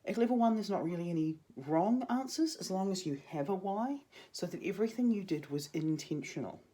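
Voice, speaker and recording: A woman's voice: lowish voice, lively intonation, brisk, warm tone. Chatty New woman teaching drama. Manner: chatty, jokey asides. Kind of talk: casual video lesson to students.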